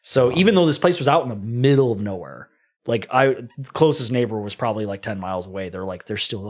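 A man guest on a podcast, telling stories in casual chat with animated delivery and playful put-on accents. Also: on the low side, fast talker, husky. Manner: animated storytelling, puts on mock German voices.

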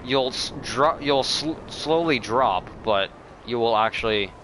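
A young man chatting excitedly and teasing his friends while playing a game over a headset, swearing often. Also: medium pitch, unhurried, slight background noise. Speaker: gamer. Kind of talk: casual gameplay chat with friends.

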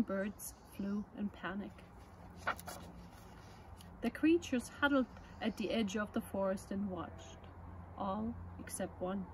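A woman presenting children's books, reading a picture book aloud at story time in a gentle, measured way. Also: medium pitch, slight background noise, low-quality recording.

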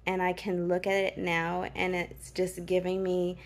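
A woman's voice: lowish voice, monotone, unhurried. A woman, talking in a casual, heartfelt and emotional way as she films her own vlog, tired after a long day of work. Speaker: vlogger.

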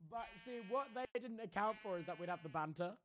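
A young man playing a game with friends, trading banter and sticking to deadpan role-play bits. His voice sits slightly on the high side. He talks in a relaxed, casual way. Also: brisk. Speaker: fellow player. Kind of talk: casual gaming chat.

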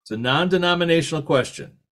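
A middle-aged man with a lively, anecdotal way of talking, telling stories in a talk and acting out the quoted voices. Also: on the high side, quick pace. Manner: animated, anecdotal, laughs at his own stories, acts out quotes. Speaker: author and podcast host giving a talk. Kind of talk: storytelling talk.

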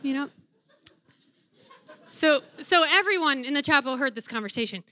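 High-voiced nun giving a reverent talk. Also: female voice, animated, sharp tone, no room sound, clean studio sound. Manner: reverent and slow on scripture, playful when telling stories. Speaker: religious sister giving a talk. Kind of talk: faith talk to college students, mixing scripture and stories.

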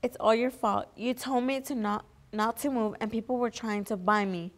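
A woman's voice: on the high side, fairly even intonation, normal speed, close to an everyday voice. A young woman voicing a stubborn little girl in a children's story read aloud. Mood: complaining.

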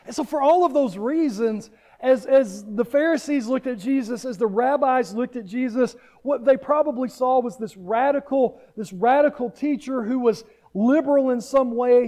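Earnest high-voiced Southern preacher. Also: male voice, warm tone. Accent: Southern American. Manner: earnest, repeats words when starting a thought. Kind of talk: sermon.

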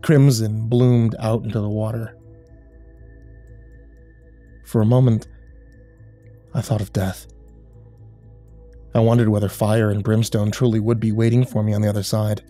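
Brief: a male horror storyteller with a dark, relaxed tone, steady grim reading over soft music. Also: on the low side, a little slow, pauses often. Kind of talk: scripted horror narration.

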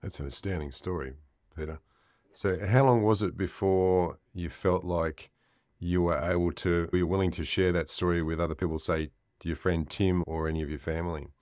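A man hosting an interview, asking calm, measured questions. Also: low voice, no echo, studio quality. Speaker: podcast host.

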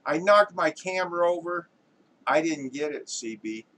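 A rattled cameraman owns up to his mistake, as a man acts him out. He sounds sheepish and apologetic, with a voice sitting a little high. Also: animated, moderate pace, a bit bright, rough recording. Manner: apologetic, explaining himself. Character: flustered male cameraman, apologetic.

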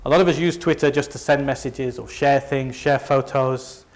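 A man's voice: medium pitch, steady tone, normal speed. A man from Leeds with a Northern English accent, giving a conversational, self-deprecating presentation to a live audience. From north of England. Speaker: company presenter.

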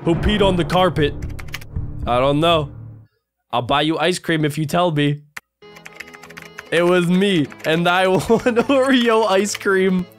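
A young man doing an excited video reaction commentary, yelping, laughing and reading lines aloud in passing. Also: high voice, slow pace, long pauses, faint music behind. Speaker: gaming reaction host.

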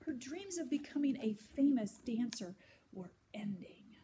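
Storyteller: woman, fairly high voice, gentle expressive read-aloud, faint hiss. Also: a little slow.

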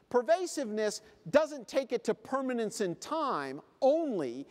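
A man giving a comic motivational conference talk, acting out little scenes with funny voices. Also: extremely high pitch. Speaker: keynote speaker. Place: convention hall. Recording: live hall reverb.

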